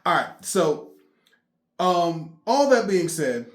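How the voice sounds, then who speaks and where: A man, excitedly recapping a basketball game for his fan vlog, emphatic and repeating himself. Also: high-pitched, slow, roomy sound. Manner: animated, emphatic, repeats himself, laughs often. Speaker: sports fan vlogger.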